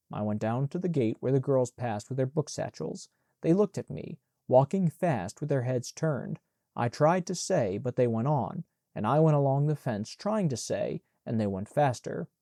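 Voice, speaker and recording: A man reading an audiobook in a measured, plain narration on a close mic. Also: medium pitch, lively intonation, gravelly, dark tone, no room sound.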